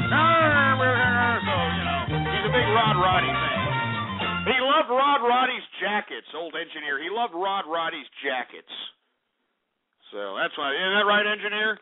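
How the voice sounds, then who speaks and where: A man's voice: high-pitched, lively intonation, normal speed, music in the background. A man hosting a call-in radio show, brash and insulting, rambling with lots of fillers. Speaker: radio host. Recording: tinny phone-like radio sound.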